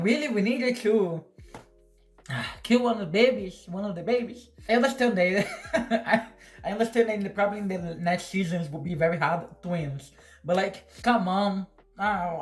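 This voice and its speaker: A man hosting a reaction video, emotional and exclamatory, repeating himself as he reacts. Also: high-pitched. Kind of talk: casual reaction commentary.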